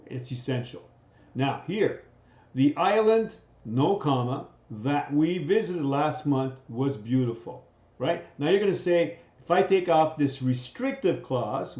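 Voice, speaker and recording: A man's voice: on the high side, a little mellow. A man teaching a grammar lesson in a recorded lecture, checking in with "right?" after most points. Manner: keeps asking "right?" to check understanding. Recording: dull, roomy lecture recording.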